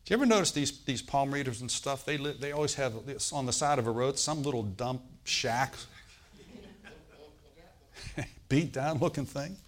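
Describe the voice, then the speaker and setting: A man delivering a Bible sermon in a relaxed, conversational manner. He reads scripture aloud, then talks it through plainly, often pausing to check in with his listeners. He lifts his voice on emphatic points and drops back down afterwards. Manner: conversational preaching, frequent check-ins with the congregation; rises in pitch and volume on emphatic points, trails off quietly. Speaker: pastor.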